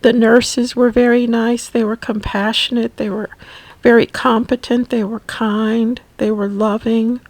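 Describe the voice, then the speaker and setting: A woman narrating a personal caregiving memoir, emotional and halting, often repeating words. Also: a little high, little pitch movement, darkish tone, dry recording, rough recording. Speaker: family caregiver.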